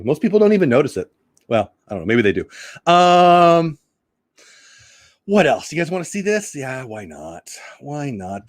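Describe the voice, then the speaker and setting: A man's voice: medium pitch, no room sound, studio quality. A man hosting a casual live stream, chatting and joking, reading out headlines and greeting viewers in the chat. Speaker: host of a live news stream.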